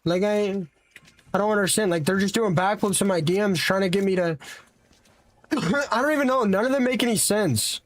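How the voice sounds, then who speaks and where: A man's voice: high voice, moderate pace, a little hiss or hum. A young man in casual live-stream chat as a streamer, ranting animatedly with rhetorical questions and tired after a long session.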